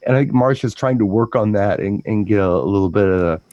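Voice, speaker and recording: A man with a fairly low voice chats casually about his work as a DJ. He rambles and repeats himself as he talks. The recording sounds dry and close, with no room echo. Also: a little mellow, dull audio. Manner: rambling storyteller, repeats words, breaks into quick impressions. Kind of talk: casual chat.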